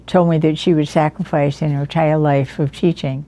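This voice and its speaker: A woman in her nineties telling the story of her life in an interview, lively and anecdotal, often chuckling as she recalls people. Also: low voice, normal speed. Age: 90s. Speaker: interviewee, veteran educator.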